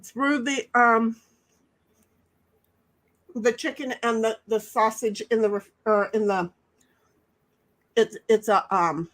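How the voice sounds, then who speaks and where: A woman's voice: on the high side, fairly even intonation, slow pace, long pauses. A woman hosting a livestream in casual, rambling chat, talking while she eats. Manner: rambling, chatty, talks while eating. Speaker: livestream host.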